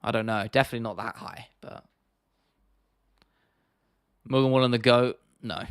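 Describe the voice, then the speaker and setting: Young male streamer, mid-pitched, easygoing and sweary, dry close mic. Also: normal speed, clean tone, no room sound. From United Kingdom. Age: 20s. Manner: laid-back, sweary, laughs often. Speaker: livestream host. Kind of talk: casual livestream Q&A.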